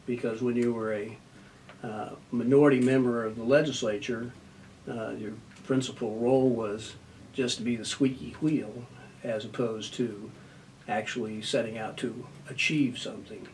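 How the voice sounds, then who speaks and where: Older man, measured and slightly distant. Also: mid-range voice, steady tone, darkish tone. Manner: measured, thoughtful, with many fillers. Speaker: retiring municipal judge. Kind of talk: news interview. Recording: distant mic with faint noise.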